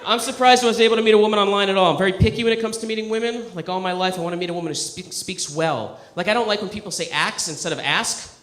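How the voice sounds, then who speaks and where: A male stand-up comedian works a club crowd in a high, bright voice. His delivery is conversational and self-deprecating, with deadpan asides, heard through a handheld mic in an echoey room. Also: racing, hardly any pauses. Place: comedy club stage with a live audience.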